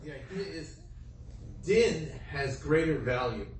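Male student answering in class, halting; heard from across the room. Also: on the high side, lively intonation. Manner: halting, restarts mid-sentence. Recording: voice far from the mic.

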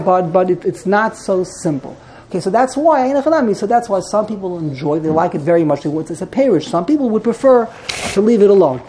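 A man's voice: sits high, dark tone. A man teaching a text study class, explaining grammar as he thinks aloud, repeating and correcting himself.

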